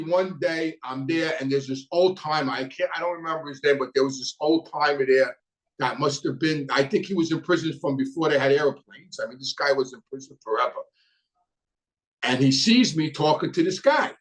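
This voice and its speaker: A man's voice: a little high, moderate pace, rough recording. A middle-aged man with a New York accent, telling a prison story in a blunt, profane, casual way, full of restarts and fillers. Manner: blunt, profane, many restarts and "you know".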